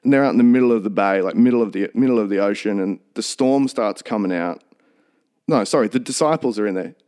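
A man's voice: on the low side, fast, darkish tone. A man co-hosting a podcast, talking earnestly in a rambling, casual way with many restarts. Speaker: podcast co-host.

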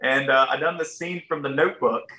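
This is a man, a guest swapping stories on a podcast. His voice is bright and forward. He talks in a folksy, animated way and slips into the voices of the people he describes. The room gives a noticeable echo. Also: mid-range voice, brisk, far from the mic. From Ohio, USA. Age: 30s. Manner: folksy, animated, acts out other people's lines. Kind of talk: casual storytelling.

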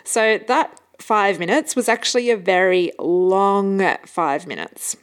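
A woman's voice: mid-range voice, lively intonation, slow, clear, resonant tone. Woman host, casual solo podcast chat, chatty storyteller, mid-range voice, laughs easily.

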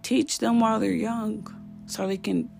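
A woman's voice: medium pitch, steady tone, unhurried, gravelly, over music. A woman hosting a parenting podcast, giving casual advice in an earnest, heartfelt and direct way. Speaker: podcast host.

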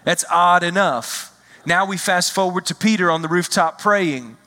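A man preaching a sermon as a visiting pastor, expressive, acting out quoted lines and slowing down to stress key phrases. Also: sits high, big-room sound.

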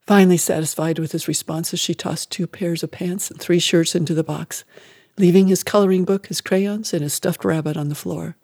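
Man, audiobook narration, fairly high voice, measured dramatic reading, dry close sound. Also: fairly even intonation, gravelly, a little mellow, breathy edge, no echo.

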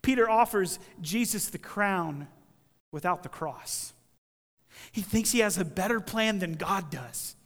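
A man preaching a sermon, animated, acting out the people in the story with shifting voices. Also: high voice, unhurried, long reverb tail.

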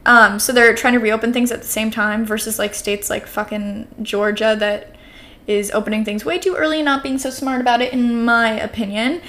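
Speaking at a normal speed with a slightly high, fairly bright voice, this podcast host is a nineteen-year-old Oregon woman nearing twenty, from the US West Coast. Her casual solo show is rambling and chatty, full of "like" and "um," and she sounds upbeat and caffeinated.

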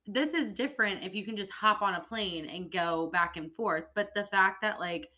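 A young woman co-hosting a podcast in casual chat, enthusiastic and full of quick asides. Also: medium pitch, pushed and bright. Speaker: podcast co-host.

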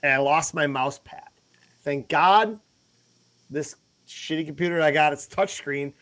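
A man co-hosting a podcast, telling crude, animated stories in casual banter over a remote call. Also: a little high, measured pace. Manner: profane, animated storytelling. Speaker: podcast co-host. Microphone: remote call setup.

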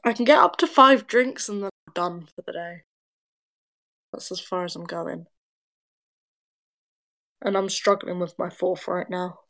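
A woman's voice: on the low side, unhurried, long pauses, fairly bright tone. A young English woman chatting casually on a podcast, her voice stuffy and nasal from a cold, laughing often and poking fun at herself. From England. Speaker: podcast guest. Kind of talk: casual chat.

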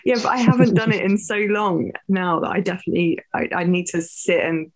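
A woman's voice: lowish voice, fairly quick. A young English woman in casual podcast chat as a guest actress, chatty with frequent laughs and fillers.

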